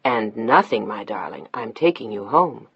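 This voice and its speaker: A woman's voice: very deep voice, lively intonation, moderate pace, husky, no echo, dull audio, voice pushed down, heavily acted. A woman voicing a tender lovestruck man. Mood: teasing. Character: tender lovestruck grown man, the male lead.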